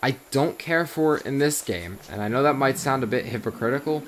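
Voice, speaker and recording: A man's voice: mid-range voice, a little fast, fairly bright tone, slight background noise. Rambling, profane gamer guy from South Jersey. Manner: rambling, profane, lots of "you know". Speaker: gaming YouTuber. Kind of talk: casual gameplay commentary.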